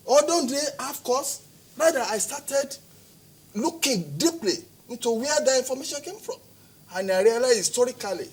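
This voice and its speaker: A man with a Nigerian accent, a security expert arguing forcefully in a TV studio interview, firing rhetorical questions and repeating words as he presses his points. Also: very high voice, husky.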